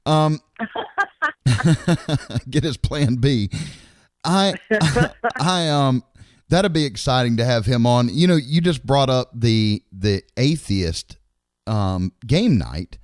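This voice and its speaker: A middle-aged man co-hosting a podcast, rambling along and cursing without a second thought. His pitch swings up and down a lot as he talks, and the sound is dry and close, with no room around it. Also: animated, slow pace, a little mellow, dry recording. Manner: rambling, blunt, swears freely. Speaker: podcast co-host. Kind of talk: casual chat.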